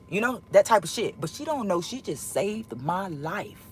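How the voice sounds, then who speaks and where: A woman telling a personal story in a casual monologue, emotional and profane, rambling and swinging between loud outbursts and hushed asides. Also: mid-range voice, animated, moderate pace, slight background noise. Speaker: storyteller vlogger.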